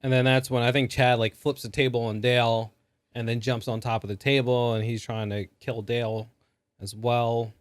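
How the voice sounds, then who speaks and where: A man's voice: mid-range voice, little pitch movement, moderate pace, dry recording, studio quality. A man co-hosting a podcast, recapping a movie in a rambling, casual way with lots of fillers. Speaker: podcast co-host. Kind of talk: casual movie review chat.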